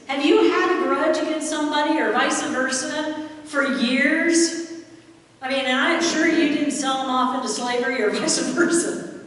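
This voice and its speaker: A woman's voice: sits high, distant mic. Lady preaching a sermon in a church, acts out the story voices, asks the room questions, really echoey hall. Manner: animated storytelling with quoted voices and rhetorical questions. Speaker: pastor. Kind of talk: sermon retelling a Bible story. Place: church sanctuary.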